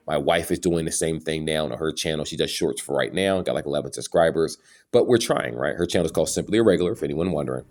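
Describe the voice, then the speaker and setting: A man's voice: extremely low pitch, fast talker, darkish tone. A man talking to his channel viewers in an earnest, preachy way, now and then stumbling over his words. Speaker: YouTube channel host. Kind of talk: casual opinion monologue.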